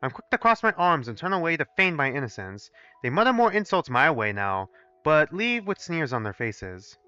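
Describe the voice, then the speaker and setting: Young male streamer, bright and lively, swears a lot, reads and reacts; dry, slightly dull mic. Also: a little high, normal speed, smooth, no room sound, faint music behind. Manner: animated, profane, talks to chat. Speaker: gaming streamer. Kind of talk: live let's play, reading aloud and commenting.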